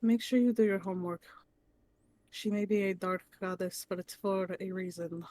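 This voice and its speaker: A woman voicing a calm adult woman who gives a child measured, gently stern advice. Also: medium pitch, dry recording, lightly acted. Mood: advising.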